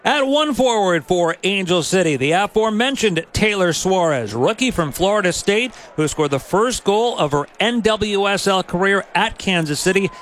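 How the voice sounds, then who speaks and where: A man working as play-by-play announcer, reading starting lineups with crisp, informative broadcast delivery. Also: sits high, expressive, normal speed, few pauses, fairly bright tone, a little hiss or hum.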